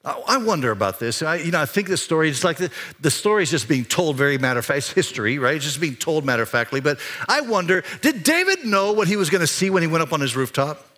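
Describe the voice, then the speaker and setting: A pastor preaching a sermon in a church, talking conversationally, climbing higher and louder for emphasis and dropping quiet for serious points. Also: male voice, sing-song, fast, hardly any pauses. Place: church sanctuary.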